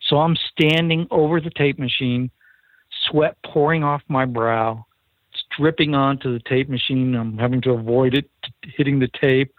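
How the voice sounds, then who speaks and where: A man's voice: medium pitch, no room sound. A man, a recording engineer, telling a studio anecdote in an interview and acting out the quoted dialogue. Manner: earnest storyteller who acts out quoted dialogue. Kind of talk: storytelling in an interview. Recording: tinny phone line, dry.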